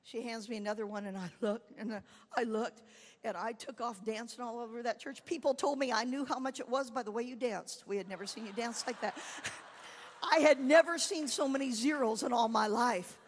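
Animated woman evangelist in a reverberant hall. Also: a little high, a little fast. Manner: animated storytelling, swings from quiet to shouting. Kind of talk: sermon. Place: church camp meeting hall.

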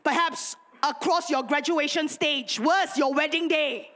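A young adult woman pastor, preaching a sermon with animated, self-mocking storytelling. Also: sits high, measured pace. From Singapore.

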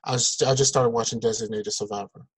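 A man co-hosting a podcast in casual chat, talking in animated, exasperated rants over a remote call. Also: mid-range voice, quick pace, breathy edge, low-quality recording. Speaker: podcast co-host. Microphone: remote call mic.

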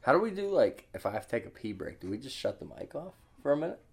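A man's voice: medium pitch, very animated, fast talker, vocal fry, slight background noise. A man in his thirties, a podcast guest, chatting casually in a laid-back way, swearing and laughing often. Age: 30s. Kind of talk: casual chat.

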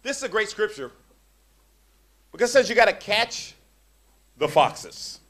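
Lively male preacher with a higher voice, jokey and animated. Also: unhurried. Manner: animated, jokey, repeats words when building up. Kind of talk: sermon.

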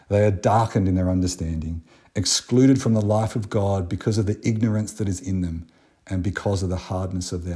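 Man, Australian accent, pastor, conversational sermon, low voice, warm dark tone. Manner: conversational, with fillers and restarts between Bible readings.

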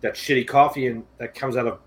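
A male podcast co-host with a mid-pitched, everyday voice. He talks in casual chat with a sardonic, profane storytelling edge. His delivery stays conversational and dry. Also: fairly even intonation, fast talker, rough recording.

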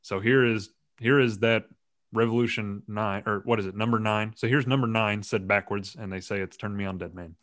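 A man's voice: on the low side, fairly even intonation, moderate pace, a bit bright. A man hosting a casual podcast chat, rambling and joking, often laughing mid-sentence. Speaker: podcast host.

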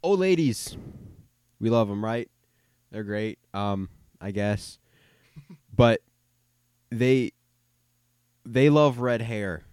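A man's voice: lowish voice, steady tone, very slow, long pauses, a little mellow, clear, resonant tone, dry recording. Young male co-host, chatty storyteller, dry close mic. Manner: rambling, self-interrupting, frequent repeated words. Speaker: podcast co-host. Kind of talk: casual anecdote storytelling.

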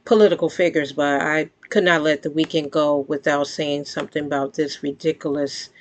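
Speaking directly to viewers, a vlogger gives casual, earnest, conversational commentary, frequently restarting sentences and bursting into emphatic outbursts. The voice has a medium pitch.

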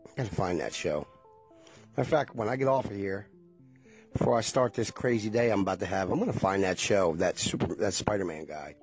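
A man's voice: low-pitched, lively intonation, fairly quick, breathy edge, faint music behind. A man in his forties chatting casually to viewers, rambling and nostalgic and swearing freely.

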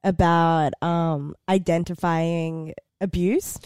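A woman's voice: lowish voice, fairly even intonation, takes it slowly, a little mellow, clean tone, no room sound, clean studio sound. A woman co-hosting a podcast, chatting casually with teasing, sarcastic asides. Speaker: podcast co-host. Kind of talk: casual chat.

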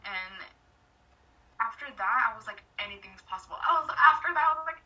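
A young woman in casual conversation, telling an excited story packed with filler words and quoted lines. Her voice sits high and bright. She sounds somewhat distant from the mic, with a faint hiss underneath. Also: fairly quick, lo-fi sound. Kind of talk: casual chat.

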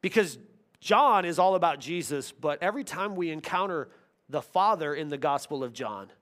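High-voiced man preaching a sermon. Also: lively intonation, normal speed. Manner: earnest storytelling with swings from loud to hushed. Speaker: pastor.

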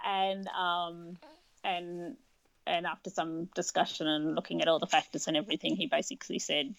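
A woman's voice: lowish voice, level tone, normal speed, creaky, no echo, low-quality recording. A woman in her forties chatting candidly as a guest, hesitant, with many restarts and fillers. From Australia. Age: 40s. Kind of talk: casual chat.

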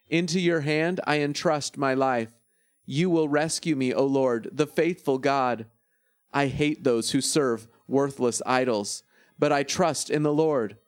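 Man reading scripture, slightly high voice. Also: no room sound. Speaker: scripture reader.

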